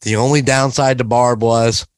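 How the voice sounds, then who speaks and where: A man on a podcast talks loosely and eagerly about a restaurant he loved, his voice sitting at an ordinary middle pitch. The sound is close and dry, with no room around it. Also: fairly even intonation, moderate pace, smooth, no room sound. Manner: chatty, enthusiastic restaurant recommendations. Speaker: podcast co-host. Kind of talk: casual chat.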